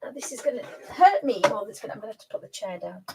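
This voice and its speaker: A woman's voice: mid-range voice, sing-song, rapid-fire, vocal fry, heavy background noise. A woman hosting a casual live stream, chatting and cooing at her pet and laughing often. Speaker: host.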